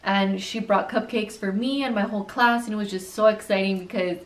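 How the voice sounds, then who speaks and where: A woman's voice: mid-range voice, fairly even intonation, brisk, reverberant. A young woman vlogger chatting casually through a haul video, bubbly and slangy, swearing freely.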